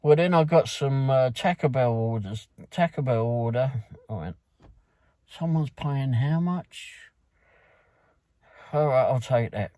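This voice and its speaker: A London food delivery driver talks at medium pitch and a normal pace, his mellow voice recorded with no room sound. He casually recaps a night of work in a loose, rambling way, full of fillers and restarts.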